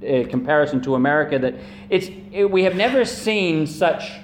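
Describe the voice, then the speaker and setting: A man preaching with earnest emphasis, slowing and stretching his key words and repeating phrases for weight. His voice sits a little high for a man, and it rings around a reverberant room over a faint low hum. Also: animated. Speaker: pastor. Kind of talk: sermon.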